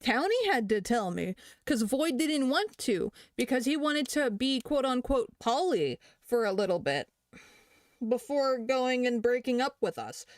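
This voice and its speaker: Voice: high voice, big pitch swings, measured pace, no room sound, studio quality. A young adult talking casually and with plenty of swearing, reading posts aloud and reacting to them. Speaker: creator responding to allegations. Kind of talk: casual commentary.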